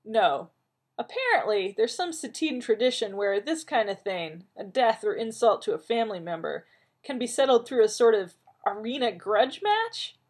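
A woman reading aloud, voicing a blunt, steady man leading a team, with firm, urgent warnings. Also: on the high side, moderate pace, slightly rough, pitched above the performer's own voice.

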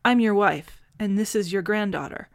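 A woman voicing a brisk, affectionate time-travelling woman who talks quickly and fondly. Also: medium pitch, dry recording, clean studio sound, natural voice. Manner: brisk and fond.

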